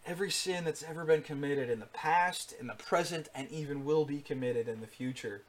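A man's voice: on the high side, fairly quick. Earnest preacher man, rising emphasis. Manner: earnest, rising emphasis with frequent fillers and restarts. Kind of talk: sermon teaching.

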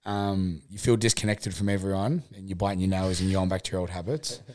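A man's voice: sits low, steady tone, fast talker, a little mellow. A man, a podcast host, telling a rambling personal story in casual chat, swearing and acting out his own thoughts.

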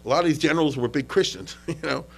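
A man's voice: on the high side, fast, gravelly, rough recording. A man giving an informal history lecture, conversational and often checking in with listeners, mixing in Yiddish and Hebrew terms.

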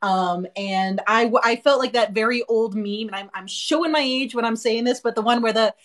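A woman's voice: a little high, normal speed. A woman co-hosting a casual podcast chat, speaking candidly and bluntly, with many fillers and restarts. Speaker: podcast co-host.

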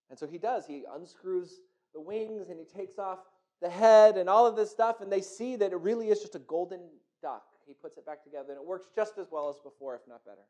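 A man telling a folk tale aloud, animated and often repeating words as he goes. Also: high-pitched, brisk. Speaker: storyteller. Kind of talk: oral storytelling.

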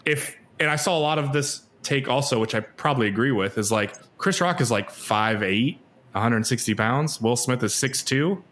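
A man hosting a casual podcast discussion, talking in an animated, opinionated way. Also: medium pitch, normal speed. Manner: animated, opinionated, many "like" fillers.

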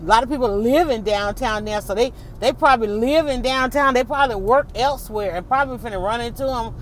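Middle-aged woman, high voice, rambling car vlog, soft road noise behind. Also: fast. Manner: chatty, rambling, addresses viewers as y'all. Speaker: podcast host. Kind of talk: casual vlog talk while driving. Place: in a car on city roads.

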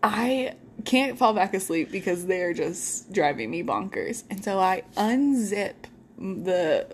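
A young woman telling animated, laughing stories in a casual podcast chat. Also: medium pitch, slow, slight background noise. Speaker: podcast co-host.

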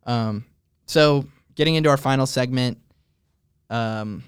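Young man hosting a relaxed sports chat. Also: mid-range voice, clear, resonant tone, dry recording, studio quality. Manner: thoughtful, fills pauses with "um". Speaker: host. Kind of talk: casual sports talk.

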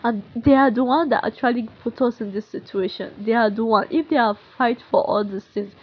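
Young Nigerian woman, husky and a bit high, venting in a halting solo monologue on dull lo-fi audio. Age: young adult. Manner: frustrated, halting, many restarts and sighs. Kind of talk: emotional unscripted monologue.

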